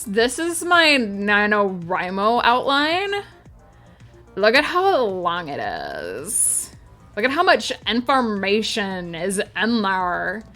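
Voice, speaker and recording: A woman's voice: mid-range voice, sharp tone. A woman streaming her writing work, chatting casually with viewers and answering their messages. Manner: chatty, reads chat aloud and answers viewers. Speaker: writer streaming her planning. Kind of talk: casual livestream chat with viewers.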